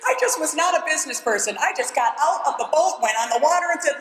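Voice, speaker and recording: A woman giving an animated, dramatic testimony as keynote speaker at a church event, acting out what people said to her. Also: high-pitched, fast talker, few pauses, soft background music. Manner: animated, dramatic storytelling with voiced quotes. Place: large church. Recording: echoey church hall with long reverb.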